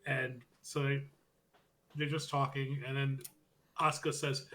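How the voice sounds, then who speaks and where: A man co-hosting a podcast, casually recapping wrestling and loudly acting out the quotes as he goes. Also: medium pitch, unhurried, long pauses. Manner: animated storytelling, acts out quotes loudly. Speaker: podcast co-host.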